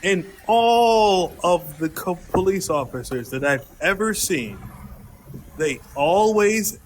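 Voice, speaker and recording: A man's voice: high voice, animated, takes it slowly, a little hiss or hum. A man in a heated casual debate, insistent and interrupting, repeating his points. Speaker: host.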